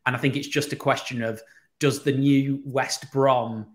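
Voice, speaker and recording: A Teesside man with a medium-pitched voice talks at a moderate pace, chatting casually and telling anecdotes. He's an animated storyteller who acts out the voices he quotes, and he works as a radio presenter and podcast guest.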